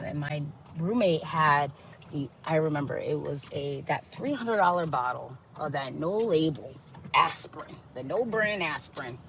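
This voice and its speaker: A podcast host shares a candid personal testimony, voicing the people in the story as she quotes them. The mid-range voice is a bit bright, with slight background noise.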